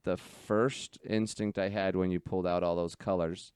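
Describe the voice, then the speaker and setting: Deep, smooth-voiced man in chat. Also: fairly even intonation, normal speed, a little mellow, no room sound, studio quality. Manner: chatty, gropes for words, affirming. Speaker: podcast co-host. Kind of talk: casual chat.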